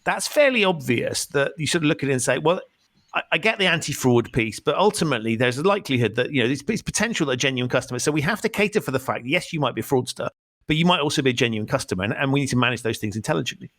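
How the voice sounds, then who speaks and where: A man's voice: medium pitch, expressive, rapid-fire, a bit bright, dry recording, studio quality. A man hosting a podcast, reflecting on his guest's points in conversational commentary. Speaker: podcast host. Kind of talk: conversational interview.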